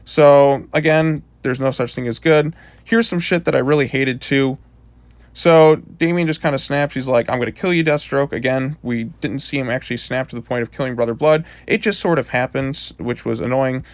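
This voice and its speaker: A man reviews a comic in an irritated, rambling rant, cursing freely and leaning on "like" as he goes. His voice sits at an ordinary middle pitch. The sound is dry and close, with no room around it. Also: normal speed, dry recording. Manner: frustrated, swears often, many "like" fillers. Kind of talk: casual ranting review.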